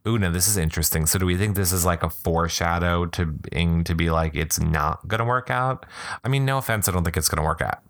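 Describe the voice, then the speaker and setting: A man hosting a reality TV recap, reading cast blogs aloud with sarcastic, gossipy, excitable commentary. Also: low voice, quick pace.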